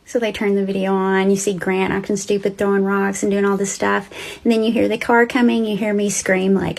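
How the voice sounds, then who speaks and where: A woman's voice: medium pitch, a little fast, vocal fry, darkish tone. A woman telling a ghost story in a chatty, dramatic way, talking straight to her listeners. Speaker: storyteller host.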